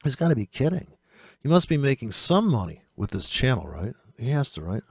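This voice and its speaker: A man's voice: medium pitch, very animated, gravelly, slightly rough, dry recording, studio quality. A man hosting a trading channel, ranting with exasperation and swearing freely as he picks apart other traders' videos. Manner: exasperated, profane, rapid-fire rant.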